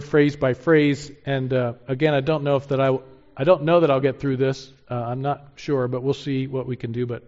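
A man's voice: medium pitch, darkish tone, lo-fi sound. A male pastor preaching a sermon in an emphatic way, repeating key phrases for stress.

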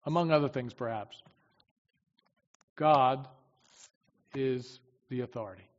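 A man preaching a sermon with emphasis, swinging from loud declarations to quiet asides. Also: medium pitch, slow pace. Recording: dull, long-reverb hall sound.

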